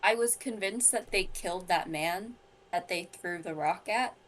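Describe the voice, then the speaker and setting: A woman's voice: lowish voice, measured pace, fairly bright tone. A woman co-hosting a film podcast, wry and matter-of-fact in casual chat. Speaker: podcast co-host.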